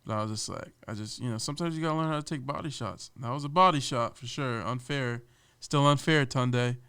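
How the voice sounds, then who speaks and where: A man chatting on a podcast, spinning an animated story about an old job. His voice is smooth and resonant, with a middle pitch for a man. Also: brisk. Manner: lively, animated, slips into voices of people he quotes. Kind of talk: casual storytelling chat.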